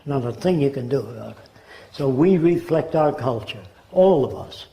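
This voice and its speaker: A man's voice: medium pitch, expressive, moderate pace, gravelly, warm tone. An American man in his nineties giving a conversational public lecture, now and then mimicking accents. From United States. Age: 90s. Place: lecture hall. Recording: roomy hall echo.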